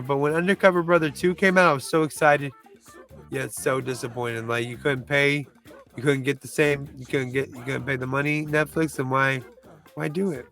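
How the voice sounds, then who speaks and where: A man's voice: a little high, vocal fry, a bit bright. A man who reviews movies chats casually through a countdown, rambling loosely, restarting and groping for names.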